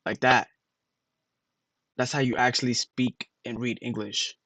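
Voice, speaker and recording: A man's voice: mid-range voice, little pitch movement, a little slow, a bit bright, no echo, low-quality recording. A man on a casual livestream, rambling to his chat and sounding out words letter by letter with emphatic disbelief.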